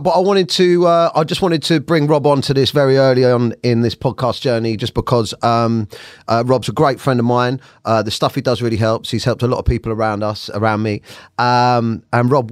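A man's voice: mid-range voice, steady tone, brisk, no room sound, studio quality. A man hosting a podcast in a casual chat, chummy and jokey, often agreeing with his guest. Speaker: podcast host.

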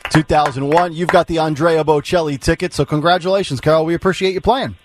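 A man's voice: fairly high pitch, steady tone, fast, noisy background. A man hosting a morning radio show, bantering and joking in casual chat and taking callers. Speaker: radio host.

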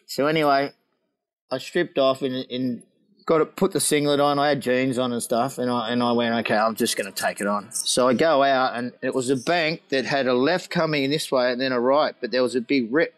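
A middle-aged man with an ordinary-pitched voice recounts a boozy surfing tale. He laughs often and slips into quoted voices as he goes, in a loose, casual storytelling way. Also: fairly even intonation, moderate pace, low-quality recording. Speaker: guest, former pro surfer. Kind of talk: casual anecdote telling.

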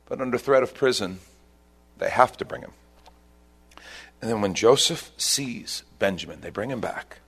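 A male pastor preaching a sermon, telling a scripture story with loud bursts and hushed asides. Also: on the low side, moderate pace, long pauses, husky. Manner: animated storytelling, swings between loud bursts and hushed lines.

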